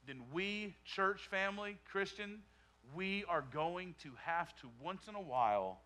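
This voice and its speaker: High-voiced preacher swinging from hush to shout. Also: male voice, lively intonation, a little slow. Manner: swings from hushed, near-whispered lines to loud shouting; repeats phrases for emphasis. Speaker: pastor. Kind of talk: sermon.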